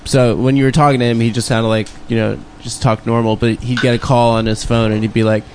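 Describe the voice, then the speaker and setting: A man's voice: mid-range voice, flat delivery, brisk, background noise. Hesitant young man telling anecdotes. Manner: hesitant, anecdotal, laughs often. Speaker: podcast co-host. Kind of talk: casual chat.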